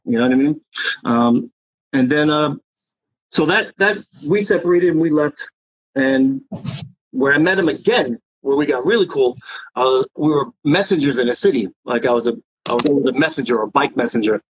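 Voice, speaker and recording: This interview guest, a graffiti writer, has a mid-range voice with a breathy edge and speaks at normal speed, with no echo. He spins profane, rambling stories in a lively, casual way. The recording comes across dry and dull, lo-fi.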